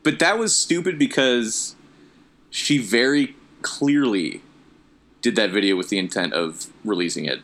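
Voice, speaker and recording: A man's voice: lowish voice, measured pace, a bit bright. A man in casual comedic chat, talking hesitantly with many fillers, wry in tone.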